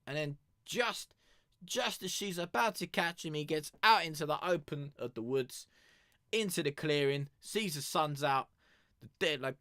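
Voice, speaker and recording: A man's voice: mid-range voice, fairly bright tone, no echo, clean studio sound. A young man streaming, telling a story casually in a rambling, crude, swear-heavy way. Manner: rambling and crude, swears a lot, with many fillers.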